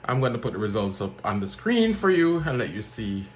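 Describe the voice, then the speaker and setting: Low-voiced man telling a story. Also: a little fast. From Jamaica. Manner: animated, acts out other people's lines in a raised voice. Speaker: vlogger. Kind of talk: casual storytelling monologue.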